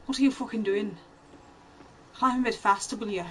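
A woman's voice: on the high side, moderate pace, a little hiss or hum. A young woman streaming a game, commentating with a lot of swearing and taunting the enemies on screen. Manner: profane, taunting, talking to the game. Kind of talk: gameplay commentary.

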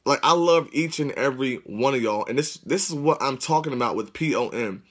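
A man hosts a livestream over his phone, addressing viewers with excitement and fervor through repetitive, churchlike religious exhortations. His voice is medium in pitch, animated, fairly quick and fairly bright.

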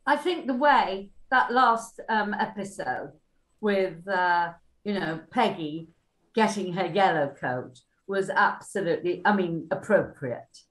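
A woman's voice: mid-range voice, lively intonation, slow pace. An older woman, a former cast member, chatting through anecdotes with lots of fillers and acted-out quotes. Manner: chatty, full of fillers, acts out quoted dialogue. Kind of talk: anecdotal reminiscing. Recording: roomy echo.

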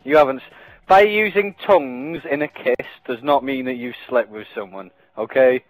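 A man's voice: medium pitch, moderate pace, dry recording, poor audio. A young man on a gaming headset, chatting casually and mocking others with sarcastic, swear-heavy banter. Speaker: gaming vlogger. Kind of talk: casual party chat.

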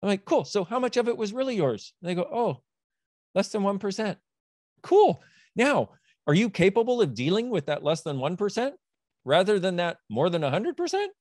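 A man as an interview guest, explaining his ideas in a lively, emphatic way and acting out little back-and-forth dialogues. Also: sits high, a little fast, dry recording, studio quality. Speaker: guest, self-help author. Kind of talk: animated conversational explaining.

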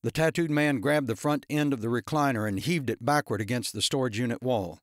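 A man narrating an audiobook thriller in a steady storytelling manner. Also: medium pitch, fairly quick, no room sound, clean studio sound. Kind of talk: scripted narration.

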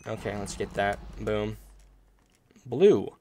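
A man's voice: on the low side, slow pace, slight background noise. Upbeat man giving casual gameplay commentary. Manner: upbeat, chatty, jumps to loud outbursts and playful groans. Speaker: gaming video host.

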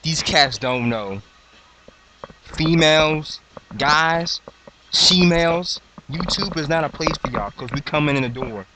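A man in his twenties hyping up his rap crew, boastful, excitable and mock-dramatic. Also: fairly high pitch, unhurried, a little hiss or hum. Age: 20s. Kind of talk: hyped comedic freestyle intro.

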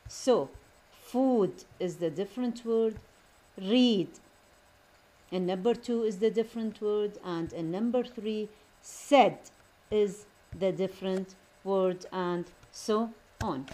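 Very slow-paced teacher, repeating words. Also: female voice, mid-range voice, mellow, rough recording. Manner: slow, repeats each word several times; switches to Arabic to explain terms. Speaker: English teacher. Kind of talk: recorded classroom lesson.

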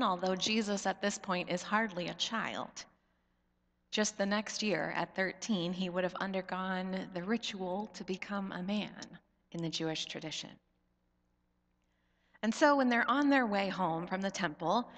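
Woman pastor, sermon, slow measured delivery, soft trailing phrase endings, reverberant sanctuary. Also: mid-range voice. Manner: slow, reflective storytelling with soft drops in volume. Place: church sanctuary. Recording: long church reverb.

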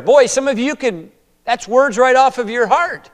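Pastor guy preaching in a church, high smooth voice, big hall reverb. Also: measured pace. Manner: dramatic voicing of a prophet's lament, rising to loud high cries; soft, low prayer voice. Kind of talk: sermon. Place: church sanctuary.

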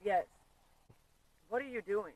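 A woman's voice: mid-range voice, takes it slowly, darkish tone, no room sound, recorded from a distance, poor audio. A woman who is a passer-by, talking in an indignant way and cursing.

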